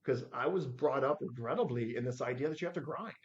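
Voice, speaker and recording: A man in his forties telling stories as a podcast guest, acting out the quotes with lively shifts in voice. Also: medium pitch, fast, muffled recording. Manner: animated storyteller acting out his own quotes. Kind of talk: storytelling in a podcast interview.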